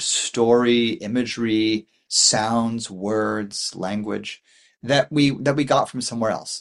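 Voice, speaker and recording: A man in his forties giving a dharma talk as a Buddhist meditation teacher, rambling and thoughtful, with many fillers and restarts. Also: lowish voice.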